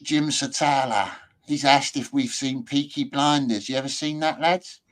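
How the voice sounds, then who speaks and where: A man's voice: medium pitch, fairly even intonation, moderate pace, poor audio. A man from Britain hosting a casual chat, laid-back and chatty, with British slang like "mate" and "lads". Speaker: host.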